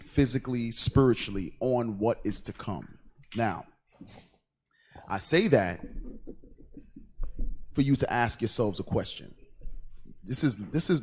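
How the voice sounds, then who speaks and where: A man hosting a casual online radio show, animated and laughing easily, often repeating words. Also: medium pitch. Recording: online call audio.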